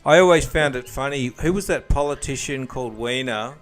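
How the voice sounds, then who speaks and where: A man hosts a casual quiz game for a podcast, with a voice of middling pitch. He reads each clue plainly and then drifts into jokes and banter with the players. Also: fairly quick, faint music behind. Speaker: quiz host.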